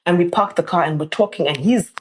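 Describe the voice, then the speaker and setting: A young woman, a podcast guest telling a personal story in a casual, animated way, her voice jumping up whenever she quotes someone. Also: fast talker, a little hiss or hum. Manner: animated, jumps up in pitch when quoting people.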